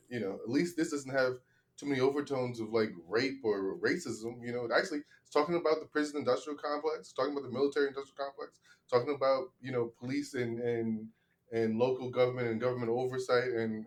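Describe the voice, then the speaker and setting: A comedian making a rambling, casual case on a podcast, often asking "you know what I mean?". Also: male voice, medium pitch, fast talker. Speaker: comedian defending a film.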